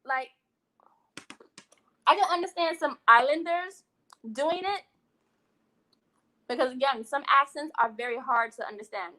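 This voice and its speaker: A West Indian woman hosting a live eating stream, chatting casually with viewers in a sassy, animated way and laughing often. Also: high voice, unhurried, pauses often, rough recording. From West Indian, living in Brooklyn. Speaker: host of a live eating show. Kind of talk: casual live-stream chat, reading comments.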